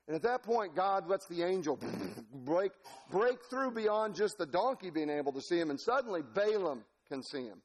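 A man preaching a sermon as pastor, telling a story in an animated, folksy way with laughter. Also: high-pitched, moderate pace, slightly rough.

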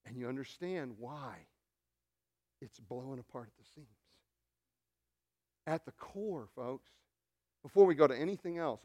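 A man preaching a sermon as pastor, dropping to hushed murmurs and rising to loud, animated preaching, with joking asides to the congregation. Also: medium pitch, moderate pace, long pauses.

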